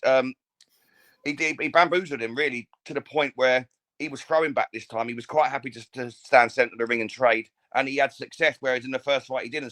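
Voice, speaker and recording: A man's voice: mid-range voice, fairly bright tone. A man co-hosting a casual boxing podcast, chatty, often stammering and restarting his sentences. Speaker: podcast co-host.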